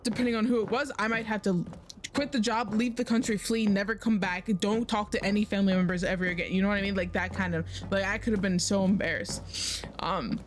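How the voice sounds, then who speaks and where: A woman's voice: medium pitch, fairly even intonation, a little fast, a little hiss or hum. A young woman streaming a game, chatting casually and telling a story full of swearing. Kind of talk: casual gameplay chat and storytelling.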